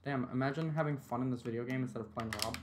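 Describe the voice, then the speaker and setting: A man's voice: medium pitch, fast talker, background noise. A tired man giving laid-back, joking live-stream commentary while he plays a game, swearing and chuckling often.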